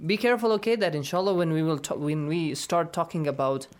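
A woman's voice: low-pitched, fast talker. A middle-aged woman teaching recitation in a class, patiently repeating points and checking that students follow.

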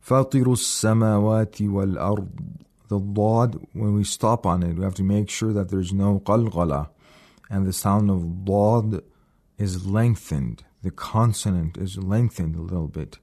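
A man with a somewhat low voice leads a radio lesson on recitation. He explains patiently, slowing down and repeating single words to demonstrate each sound. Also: warm tone. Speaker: Quran recitation teacher.

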